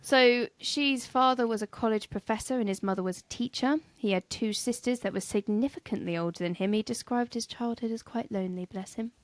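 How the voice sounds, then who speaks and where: A woman's voice: on the high side, brisk, hardly any pauses, dry recording. A woman co-hosting a casual history podcast, teasing her partner, laughing often and stumbling over names as she tells the story. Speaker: podcast co-host.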